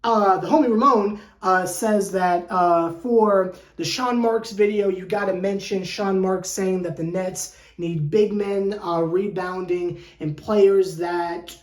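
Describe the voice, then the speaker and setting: A channel host with a medium-pitched, steady voice speaks slowly with few pauses, ranting casually to camera as fan commentary. The talk is joking and slangy, tripping into repeated words and restarts, with a roomy echo in the recording.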